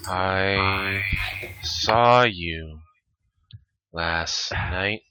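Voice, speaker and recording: Slow, deep-voiced man in a tabletop game. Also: sharp tone, smooth, no room sound. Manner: slow, halting, accusing. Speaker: player. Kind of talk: in-character tabletop role-play.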